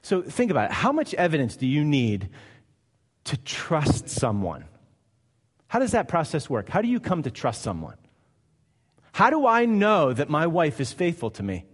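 A man's voice: a little high, sing-song, measured pace, long pauses. Man preaching in a reverberant hall. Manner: emphatic, conversational preaching with rhetorical questions. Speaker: pastor. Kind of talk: sermon.

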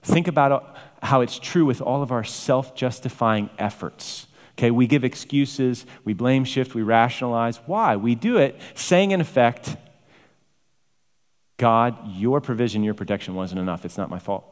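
Male preacher, mid-pitched voice, emphatic sermon delivery, long hall reverb. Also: lively intonation, normal speed. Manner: emphatic, varied delivery with rising exclamations.

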